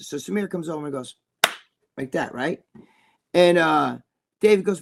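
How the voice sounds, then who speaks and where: A man's voice: on the high side, animated, normal speed, creaky, long pauses, noisy background. A man telling stories as an interview guest in a loose, profane, rambling way, full of restarts. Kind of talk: casual storytelling.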